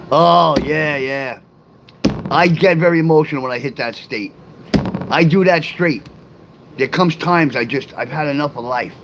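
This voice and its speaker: A man's voice: a little high, slow pace, long pauses, background noise. A middle-aged man rambling casually on a livestream, talking straight to his chat and reading their comments aloud. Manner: reads and answers live comments aloud.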